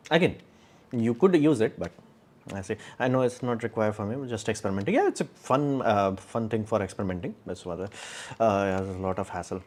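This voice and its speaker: This young man runs a casual stream and responds to the chat with opinionated, meandering answers, frequently restarting and using fillers. He explains engineering concepts in simple language, his voice fairly low with a dark tone.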